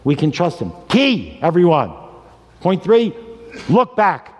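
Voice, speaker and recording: A man in his sixties preaching a sermon, telling stories with animated delivery and acting out the characters' lines. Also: on the high side, slow, highs cut off. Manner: animated storytelling, voices the characters. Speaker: pastor. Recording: reverberant hall.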